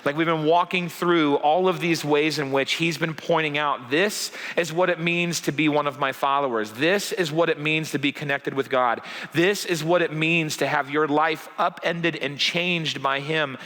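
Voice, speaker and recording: Bright-voiced male pastor in a hall. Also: a little high. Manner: conversational, uses many fillers and acts out quotes. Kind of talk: sermon. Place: church sanctuary. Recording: church hall with long reverb.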